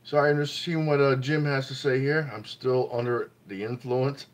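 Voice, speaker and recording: A man's voice: medium pitch, a little fast, gravelly, few pauses. A man hosting a casual livestream, reading out finds from a magazine and greeting viewers, with an enthusiastic manner. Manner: enthusiastic, repeats praise, greets chat viewers. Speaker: livestream host.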